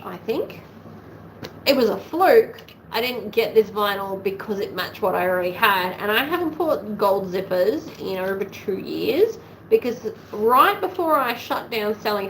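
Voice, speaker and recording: A woman's voice: mid-range voice, a little hiss or hum, poor audio. Chatty Australian woman thinking aloud. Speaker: sewing livestream host. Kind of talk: casual livestream chat while sewing. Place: home sewing room.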